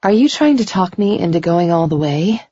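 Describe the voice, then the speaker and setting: A woman voicing a passionate young heroine who speaks in a breathy, teasing way. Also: fairly low pitch, animated, moderate pace, warm tone, dry recording. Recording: slightly dull lo-fi recording.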